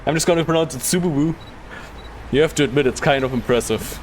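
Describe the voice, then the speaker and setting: A man's voice: on the high side, quick pace, slight background noise. A man streaming a game live, reading the dialogue aloud in a casual way, stumbling over words and swearing offhand.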